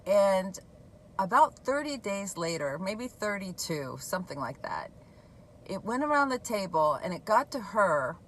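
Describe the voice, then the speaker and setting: A woman talking candidly and conversationally about her own recovery, sharing a personal story in a relaxed way. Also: medium pitch, a little slow, slight background noise, poor audio. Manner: candid, conversational, laughs at herself. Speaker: recovery blogger. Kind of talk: personal testimony talk.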